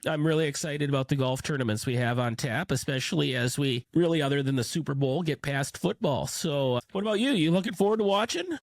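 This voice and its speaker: Podcast host with a head cold: man, nasal and stuffy, gravelly edge, slightly high voice, rambling casual delivery, dry sound. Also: quick pace, hardly any pauses. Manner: rambling, conversational, many restarts. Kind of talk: casual chat.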